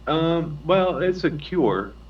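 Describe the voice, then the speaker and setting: A man's voice: fairly high pitch, animated, slow pace, husky, far from the mic. A man playing a tabletop game, hesitant and checking his rules as he talks. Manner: hesitant, reads rules aloud. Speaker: player. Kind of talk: casual game table talk. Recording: dull sound from away from the mic.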